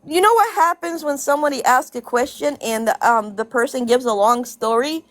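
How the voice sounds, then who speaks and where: A high-pitched woman vents straight to the camera, swearing freely and hammering each point home by saying it twice. Short laughs break up her complaints. The sound is dry and close, with no room around her. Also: normal speed, a bit bright, no room sound. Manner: blunt, profane, laughing between points; repeats herself for emphasis. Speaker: social media commentator. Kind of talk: casual ranting vlog.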